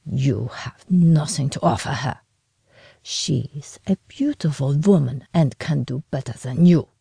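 A woman voicing a gruff, domineering middle-aged father who speaks slowly and commandingly. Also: expressive, mellow, dry recording, clean studio sound, heavily acted. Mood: cold. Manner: slow, commanding, booming.

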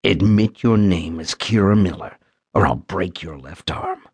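A man's voice: deep voice, expressive, moderate pace, slightly rough, no room sound. A man voicing a menacing, muscular bodyguard turned captor in an audiobook, hissing and growling his threats.

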